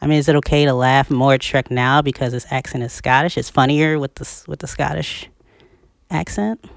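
A podcast co-host in a casual discussion, talking in an animated, emphatic way, with the pitch leaping up on key points and frequent laughter. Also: brisk, creaky, dry recording, studio quality.

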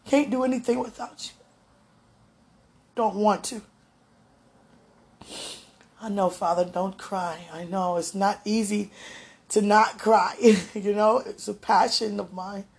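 A woman giving a fervent, emotional prayer and encouragement talk in a gravelly, sometimes hoarse voice, recorded at home. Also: mid-range voice, slow, long pauses, a little mellow. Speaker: spiritual vlogger.

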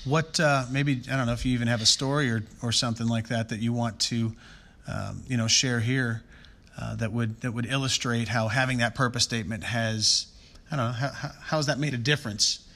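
Hedging male interviewer, mid pitch. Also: steady tone, brisk, fairly bright tone. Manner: rambling, hedging questions with many fillers. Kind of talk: conversational interview.

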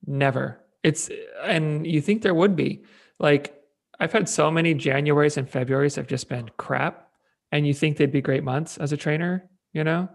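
Gravelly, upbeat man with a higher voice. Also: moderate pace. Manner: laughs often, upbeat and rambling. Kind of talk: casual chat.

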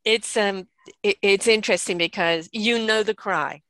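An older woman and grandmother talking casually on a video call, animated and acting out the tones she uses with children. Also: medium pitch, normal speed, no echo. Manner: animated, acts out scolding tones. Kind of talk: casual chat.

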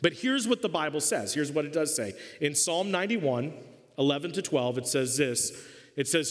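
Animated, joking male pastor in a hall. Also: a little high, normal speed. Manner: animated, humorous storytelling. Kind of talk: sermon. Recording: long reverb of a church hall.

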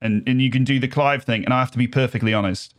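A man's voice: medium pitch, quick pace. A man chatting casually as an interview guest, speaking in a put-on English accent with frequent restarts and fillers. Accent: English-style commentator accent, put on by an American. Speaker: guest, streamer and sports commentator.

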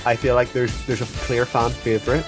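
A man's voice: medium pitch, level tone, a little fast, over music. A young man co-hosting a podcast in casual chat, wry and full of dry asides. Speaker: podcast co-host.

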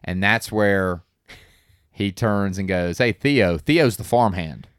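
Deep-voiced man recapping a movie. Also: slow, clean tone, no echo, studio quality. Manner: retells scenes, acting out quotes. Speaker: podcast co-host. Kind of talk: casual movie recap chat.

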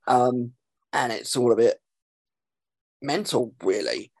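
A man's voice: mid-range voice, takes it slowly, gravelly, darkish tone, no room sound. Guy podcast host, sarcastic recap full of swearing and ums, dry close mic. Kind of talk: casual chat recapping an episode.

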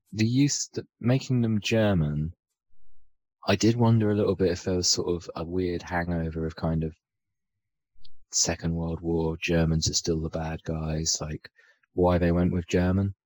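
Male podcast co-host, low voice, loose and rambling, lots of ums. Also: a little mellow, rough recording. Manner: rambling, hesitant, many fillers and restarts. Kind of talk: casual film discussion.

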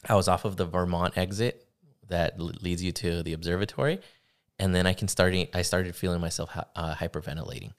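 A young man telling a personal story in casual podcast conversation, halting, with many fillers and restarts. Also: deep voice, steady tone. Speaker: podcast guest.

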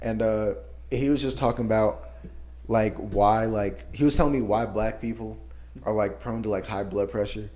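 A man's voice: fairly low pitch, moderate pace. Profane storytelling man, casual chat. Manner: animated, profane, laughing storyteller.

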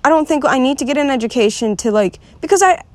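A young woman vlogger vents frankly in an unscripted, rambling monologue, frustrated and restless, swearing freely and using many filler words. Her voice sits high, expressive and fast, with no room sound.

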